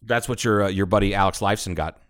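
A man co-hosting a podcast, chatting casually and telling profane, animated stories while acting out the people he quotes. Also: lowish voice, quick pace. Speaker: podcast co-host. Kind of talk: casual chat.

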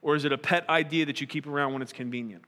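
A man's voice: a little high, steady tone, rapid-fire, sharp tone, in a large hall. A man preaching a sermon, earnest and probing, asking his listeners pointed rhetorical questions.

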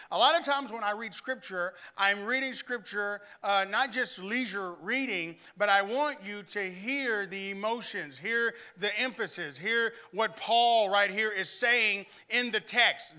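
A man's voice: sits high, sharp tone. A male pastor preaching a sermon in a church, joking between emphatic scripture readings. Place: church sanctuary with a stage.

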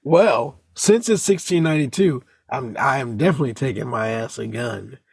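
A man's voice: medium pitch, animated, normal speed, gravelly, husky, dry recording. A man as podcast co-host in casual chat, swearing and making incredulous outbursts.

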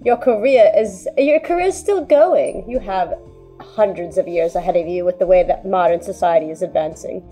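A woman playing her character in a tabletop game, making a playful, persuasive pitch. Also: normal speed, mellow, soft background music. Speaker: player. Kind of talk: in-character tabletop role-play.

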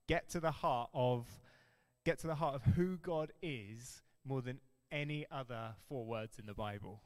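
A man preaching a sermon as pastor, earnest and emphatic, stressing key phrases slowly. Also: mid-range voice, in a large hall.

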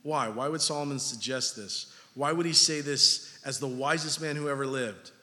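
A man in his thirties preaching a sermon, animated and jokey, acting out little everyday scenes to make his points. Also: medium pitch, normal speed. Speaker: pastor. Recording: long hall reverb.

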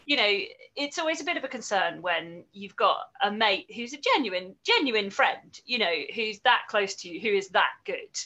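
A woman hosts a relaxed interview in a conversational way and keeps drawing her guest in with tag questions. Her voice is bright and crisp. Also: medium pitch, moderate pace, hardly any pauses, lo-fi sound. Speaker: interview host. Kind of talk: casual interview.

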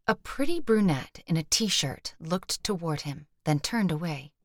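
Woman narrating with a low voice. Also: animated, measured pace, dry recording, studio quality. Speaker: audiobook narrator. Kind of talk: scripted narration.

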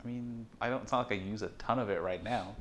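A man's voice: on the low side, fast, a bit bright. A man co-hosting a podcast in casual chat, making wry, defensive quips. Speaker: podcast co-host.

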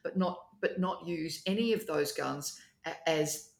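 Australian legal guest, gravelly, measured and explanatory, echoey room. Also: mid-range voice. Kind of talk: casual discussion. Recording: roomy echo.

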